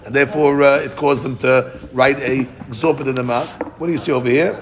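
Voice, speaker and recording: A man's voice: medium pitch, fast, few pauses. A man teaching a Talmud class, reading Aramaic lines and explaining them in English, his voice jumping up when he acts out the speakers. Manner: animated, voice jumps up when acting out speakers.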